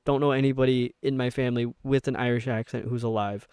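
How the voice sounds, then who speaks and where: A man's voice: medium pitch, steady tone, fast, darkish tone, clean tone, no echo, clean studio sound. A young man with a New York accent, chatting casually on a live stream in a rambling way, with lots of filler words. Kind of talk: casual chat while gaming.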